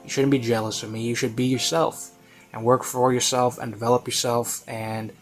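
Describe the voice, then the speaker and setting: A man's voice: medium pitch, flat delivery, moderate pace, faint music behind. A man giving casual, rambling commentary on a video he is reviewing, full of "you know" and "like" and offhand self-mockery.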